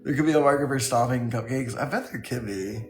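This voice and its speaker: A man's voice: mid-range voice, fairly quick, roomy sound, a little hiss or hum. A man on a casual live stream who laughs often while reading his chat aloud and riffing on its jokes.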